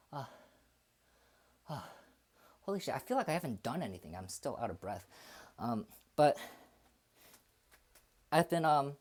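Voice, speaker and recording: A man's voice: medium pitch, darkish tone. A man in his twenties chatting on a livestream, thinking aloud in a hesitant, reflective way with many fillers and restarts. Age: 20s. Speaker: streamer. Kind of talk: casual livestream chat.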